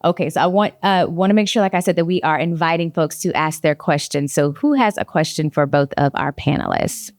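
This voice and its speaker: Woman moderator, playful and lively, bouncy pitch, dry sound. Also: brisk, few pauses, no room sound. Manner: playful, colloquial. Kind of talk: panel moderation.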